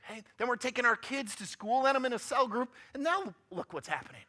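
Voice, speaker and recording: Guy giving a peppy guest talk at church, bright voice, joking and asking the crowd stuff. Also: extremely high pitch, animated, fast. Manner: upbeat, joking, asks the audience questions. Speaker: guest speaker. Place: church sanctuary.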